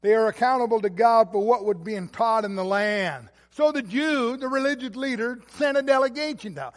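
Male preacher, high voice, emphatic delivery, echoing church hall. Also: moderate pace. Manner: emphatic, builds to loud stresses then drops low. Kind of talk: expository sermon.

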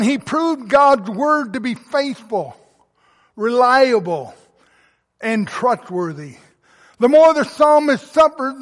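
A man's voice: very high voice, big-room sound. A male pastor preaching a sermon with emphatic, rising and falling delivery. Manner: emphatic preaching, swelling to loud emphasis then dropping soft.

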